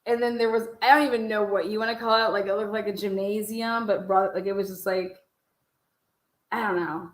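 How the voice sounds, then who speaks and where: A woman telling a story casually in an interview, blunt and animated, swearing freely. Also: mid-range voice, brisk, echoey room.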